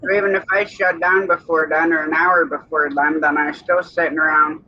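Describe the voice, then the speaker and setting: A man's voice: a little high, little pitch movement, brisk. A man co-hosting a livestream, chatting casually and teasing a friend with frequent laughs. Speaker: livestream co-host. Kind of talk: casual chat. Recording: dull lo-fi stream audio.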